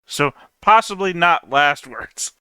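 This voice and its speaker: A man's voice: on the high side, lively intonation, takes it slowly, sharp tone, clear, resonant tone, dry recording. A man playing a tabletop game, joking wryly about his character and the others. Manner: wry, joking. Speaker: player.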